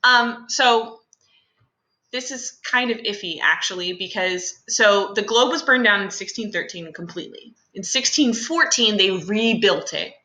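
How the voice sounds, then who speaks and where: A woman's voice: medium pitch, unhurried, bright, forceful tone, echoey room, poor audio. A young adult woman teacher talking through a class lesson in a chatty, casual way with many fillers and asides.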